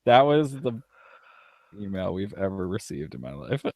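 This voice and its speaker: A man's voice: low-pitched, sing-song, normal speed, creaky, a little mellow, no room sound, clean studio sound. A young man co-hosting a casual live podcast, reading listener emails aloud, laughing often and swearing casually.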